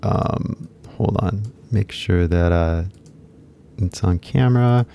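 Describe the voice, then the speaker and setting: Deep gravelly man teaching casually. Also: takes it slowly. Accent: American English. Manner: switches between English and Japanese, mumbled relaxed delivery. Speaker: English teacher. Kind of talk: casual live-stream lesson.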